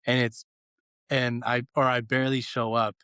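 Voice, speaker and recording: A man's voice: mid-range voice, level tone, moderate pace, bright, forceful tone, smooth, dry recording, clean studio sound. A man co-hosting a casual podcast chat, telling stories animatedly and acting out quotes with laughs. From Los Angeles. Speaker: guest cohost.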